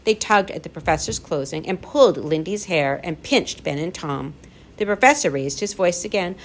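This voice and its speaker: A woman narrating a children's adventure story with an expressive reading. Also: fairly low pitch, normal speed.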